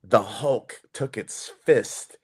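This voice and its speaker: A man's voice: on the low side, extremely slow, slightly rough. A man, co-hosting a podcast, telling a story in casual, swearing chat and acting out the people in it. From New York. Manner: animated storyteller, swears, acts out quoted people. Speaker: podcast co-host.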